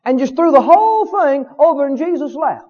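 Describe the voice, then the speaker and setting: A man's voice: extremely high pitch, animated, fairly quick, muffled recording. A man preaching a sermon with emphasis, often asking the congregation questions.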